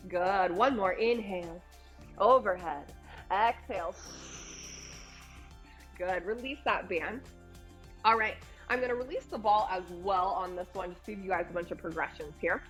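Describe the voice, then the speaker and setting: A woman's voice: medium pitch, a bit bright. A young woman, a personal trainer, guiding a postpartum core workout and cueing breaths while she does the moves herself, her voice a little strained from the effort. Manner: encouraging, cues breathing while exercising. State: slightly strained from exercising.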